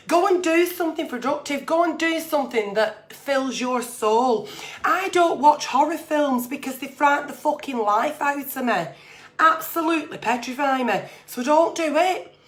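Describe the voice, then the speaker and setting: A woman with a high voice hosts an agony-aunt livestream, chattily reading out letters and answering them with blunt, sweary, plain-spoken advice.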